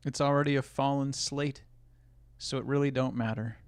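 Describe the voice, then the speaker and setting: A man's voice: medium pitch, steady tone, moderate pace, dry recording. A man streaming live, reacting to videos with crude, joking commentary and reading chat aloud.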